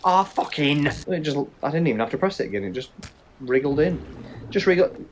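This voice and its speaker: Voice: mid-range voice, brisk, a little hiss or hum. A let's play host giving casual, jokey gameplay commentary with lots of swearing. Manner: animated, swearing, joking asides.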